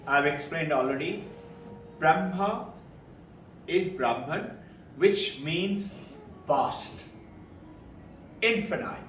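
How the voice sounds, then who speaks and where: An older man from India speaks with an Indian English accent and a high-set voice, telling stories to an audience. He acts out the voices of other people and chuckles between lines. He sounds distant in a reverberant hall, with faint music underneath. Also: expressive, very slow, long pauses, a bit bright. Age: 70s. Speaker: spiritual speaker. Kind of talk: storytelling talk to a live audience.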